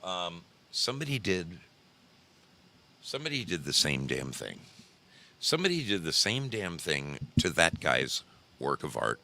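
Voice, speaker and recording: A man with a very low, gravelly voice hosts a casual show, talking slowly while his pitch swings widely. He rants with profanity and restarts his sentences as he goes. His tone is bright and forceful. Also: big pitch swings. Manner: heated, profane, rambling with restarts. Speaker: show host. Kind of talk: casual commentary on screen images.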